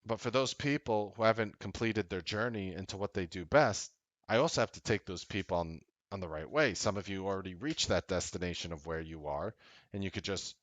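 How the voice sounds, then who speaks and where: A man hosting a trading show, giving a casual, blunt motivational talk that grows loud and emphatic, with frequent swearing. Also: sits low, dry recording, muffled recording. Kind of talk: motivational talk to a live audience.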